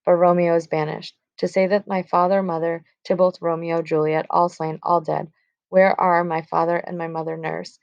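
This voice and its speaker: A distraught young bride torn between grief and love, as a woman with a low, gravelly voice reads her part aloud. The lines come plainly from the page in a dull, lo-fi recording. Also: little pitch movement, normal speed, dry recording. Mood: anguished. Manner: read aloud plainly from the script. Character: young teenage girl, newly wed, distraught and torn.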